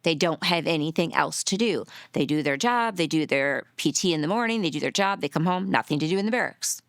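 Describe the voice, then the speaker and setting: Gravelly, low-voiced middle-aged woman. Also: animated, brisk, no echo, clean studio sound. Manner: earnest, emotional, often drops to a soft near-whisper. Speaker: grieving mother. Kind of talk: documentary interview storytelling.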